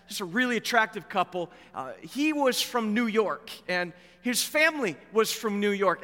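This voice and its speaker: A middle-aged man preaching a sermon as a pastor, telling stories in a relaxed, conversational way with fillers. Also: high voice. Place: church. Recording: echoey church hall with long reverb.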